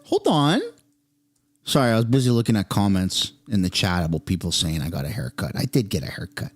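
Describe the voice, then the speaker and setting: Excitable man reacting live, voice swooping. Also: lowish voice, brisk. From Canada. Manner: excitable, exclaiming and swearing. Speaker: streamer reacting to political clips.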